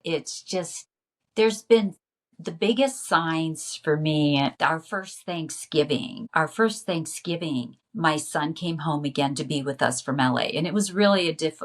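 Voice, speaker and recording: Earnest woman, low voice. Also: a little slow. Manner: emotional, earnest storytelling. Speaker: guest. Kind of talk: personal storytelling in an interview.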